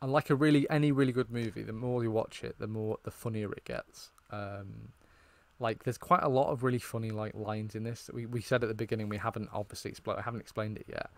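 A man's voice: on the low side, fairly even intonation, fast, vocal fry, no echo. Man chatting enthusiastically. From Britain. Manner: rambling, enthusiastic, lots of fillers and restarts. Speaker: podcast co-host. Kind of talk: casual film discussion.

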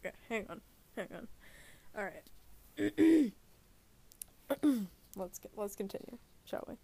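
A woman chats about films alone in her bedroom, lying down as she talks. Her voice has a gravelly, creaky edge, and her thoughts wander through fillers and restarts. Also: medium pitch, lively intonation, takes it slowly, warm tone, dry recording. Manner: rambling, full of fillers and restarts. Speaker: movie reviewer. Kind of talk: rambling casual chat.

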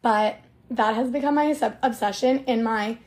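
Young woman podcast host, kinda high voice, rambles a lot, casual chat. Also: moderate pace, a little mellow. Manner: chatty, rambling with many fillers.

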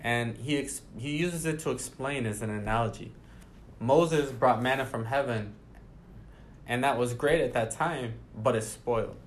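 A man's voice: medium pitch, a little slow, a little hiss or hum. Man reading and explaining scripture. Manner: reads scripture aloud then explains it conversationally. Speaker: Bible study leader. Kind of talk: casual Bible study discussion.

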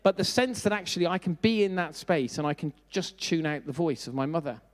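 Middle-aged preacher in a reverberant hall. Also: male voice, on the high side, lively intonation, a little fast. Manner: conversational, self-deprecating, asks the congregation questions. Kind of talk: sermon.

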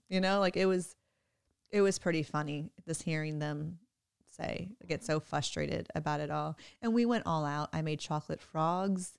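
Casual mom talking on a podcast, smooth clear voice, lively, lots of laughing. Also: female voice, low-pitched, moderate pace. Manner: chatty, animated, laughs often. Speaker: podcast co-host, mother. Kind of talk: casual chat.

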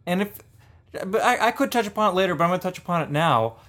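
Man, podcast co-host, casual chat, playful, lively pitch. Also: quick pace. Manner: playful, joking.

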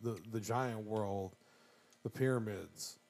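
A man's voice: on the low side, slow, vocal fry, a little mellow. A man in his thirties co-hosting a casual podcast chat, joking and slipping into goofy quoted voices. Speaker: podcast co-host.

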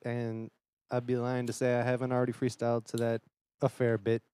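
A man co-hosting a podcast, bantering loudly with laughs and swearing. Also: mid-range voice, monotone, fairly quick, clean tone. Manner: loud, laughing, rambling banter with profanity. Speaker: podcast co-host. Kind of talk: casual chat.

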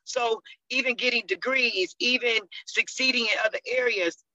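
A woman's voice: a little high, moderate pace, sharp tone, dry recording. A woman, a contributing author, sharing her personal story in an earnest, conversational way. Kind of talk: personal testimony. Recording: dull, dry sound.

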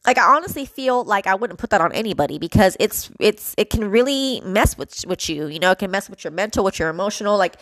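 A woman's voice: mid-range voice, expressive, fast, few pauses, a bit bright, dry recording. A young woman hosting a podcast, venting about feeling misunderstood in a frustrated, emotional monologue full of fillers and swearing, close to tears. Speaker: podcast host.

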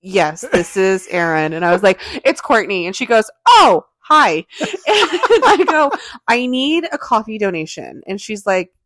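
A woman's voice: mid-range voice, big pitch swings, moderate pace, dry recording. A young woman co-hosting a podcast, chatting casually, laughing often and telling stories with lots of swearing. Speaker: podcast co-host. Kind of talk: casual chat.

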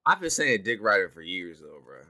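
A man trading jabs in a loose, profane chat, animated and needling. His voice is bright and forward, and the sound is dry and close. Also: low-pitched, brisk, no echo. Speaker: podcast co-host. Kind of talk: casual chat.

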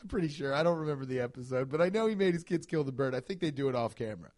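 A man chatting casually in a comedy podcast, telling stories with lots of swearing and quick comic impressions. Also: medium pitch. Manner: animated storytelling, swears freely, jumps into impressions.

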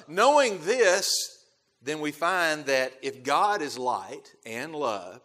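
A man preaching a sermon as pastor, emphatic, repeating key phrases and swelling loud on key words before dropping to quiet asides. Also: a little high, big pitch swings, slow. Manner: emphatic, repeats key phrases, quotes scripture in King James wording.

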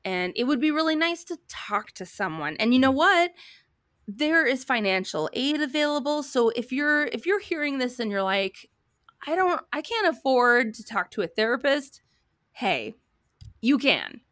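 Woman podcast co-host, high bubbly voice, dry close sound, reads ads conversationally. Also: lively intonation, normal speed, fairly bright tone, dry recording. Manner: bubbly, laughs often. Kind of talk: casual chat and ad read.

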